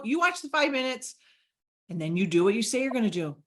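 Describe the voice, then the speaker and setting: A middle-aged woman giving an energetic sales training talk to a group, coaching them and acting out sample chats. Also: on the high side, brisk.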